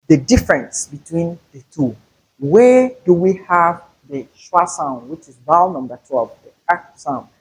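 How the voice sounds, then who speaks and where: A male teacher giving a slow, deliberate pronunciation lesson, repeating example words to show stress. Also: fairly high pitch, breathy edge, low-quality recording. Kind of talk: classroom-style pronunciation lesson.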